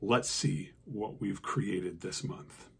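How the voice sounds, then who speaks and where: Guy telling a kids story, lively voice, kinda husky, does sound effects. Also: lowish voice, takes it slowly. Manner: animated, with spoken sound effects. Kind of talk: children's storytelling.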